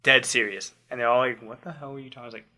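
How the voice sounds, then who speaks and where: A man who coaches tricking athletes, telling a personal story in casual chat, animated and laughing often with loose swearing. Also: medium pitch, very fast.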